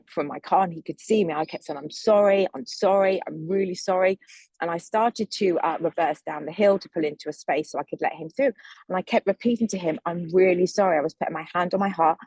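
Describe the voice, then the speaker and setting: A young woman speaking as a manifestation coach, teaching in a measured, earnest and gentle way. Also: lowish voice, slightly rough, dry recording. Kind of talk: calm spiritual teaching monologue.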